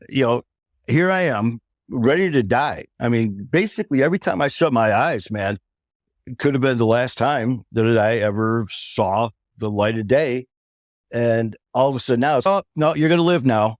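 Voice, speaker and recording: A man's voice: medium pitch, normal speed, no room sound, clean studio sound. A man, a podcast guest, telling a personal recovery story and acting out the dialogue of the people in it.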